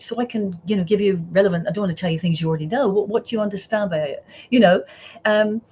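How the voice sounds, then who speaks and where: A woman's voice: medium pitch, fairly quick. Aussie lady psychologist on a podcast, middle-aged, acts out the voices in her stories, bit of hiss. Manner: warm storyteller, acts out quoted voices. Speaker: psychologist guest. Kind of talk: podcast interview.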